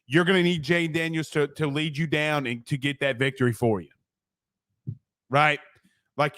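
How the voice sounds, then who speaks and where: A high-voiced man hosts a postgame sports talk show, ranting brashly and profanely at rapid-fire speed. He's fired up and hammers every point.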